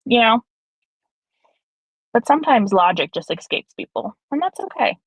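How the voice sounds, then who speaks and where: A woman chatting casually while streaming a game, animated and self-mocking. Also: a little high, normal speed, husky, no echo. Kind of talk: casual gaming chat. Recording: slightly dull lo-fi stream audio.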